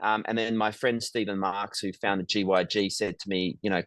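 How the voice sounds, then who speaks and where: Low-voiced reflective middle-aged man. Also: level tone, moderate pace, few pauses, fairly bright tone, no room sound. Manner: reflective, frequent ums and restarts. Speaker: guest, business founder. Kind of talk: conversational interview storytelling.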